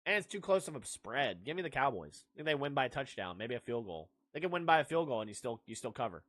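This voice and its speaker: A man's voice: mid-range voice, big pitch swings, fast, a bit bright. A man hosting a livestreamed sports podcast, talking brashly and ranting back at his chat. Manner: brash, ranting, blurts dismissive outbursts; jokey, laughs at own lines.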